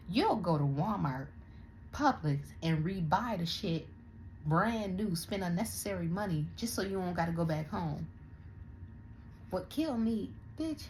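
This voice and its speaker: A young woman with a slightly low voice rants to her viewers in casual vlog commentary. She talks bluntly and swears freely, with plenty of animated emphasis. A faint hum of room noise sits behind her. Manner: blunt, profane, animated ranting. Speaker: vlogger commenting on other creators.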